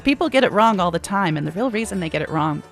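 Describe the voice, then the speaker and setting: A woman's voice: fairly low pitch, expressive, faint music behind. Drawling East Tennessee woman. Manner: chatty, laughing, slow drawling explanations. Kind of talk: casual chat.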